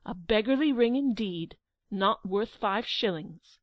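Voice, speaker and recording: Woman doing a bratty haughty princess, shrill and snippy, dry sound. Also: animated, measured pace, no room sound, lightly acted. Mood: scornful. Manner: shrill and scornful, shrieking in rage. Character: spoiled haughty young princess.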